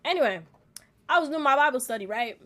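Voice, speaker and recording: A woman in her twenties hosting a casual solo podcast, telling stories with animated, acted-out reactions and frequent laughs. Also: high-pitched, fast talker. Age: 20s. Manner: animated storytelling, acts out reactions, laughs often. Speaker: podcast host.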